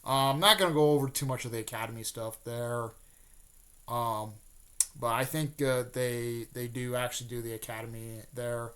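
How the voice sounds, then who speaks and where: A man's voice: medium pitch, fairly even intonation, a bit bright, clear, resonant tone. Guy rambling through a fan story off the cuff, lots of ums, keeps restarting. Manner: rambling, many fillers and restarts; acts out characters' lines in quick snippets. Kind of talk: casual improvised retelling of a fan story.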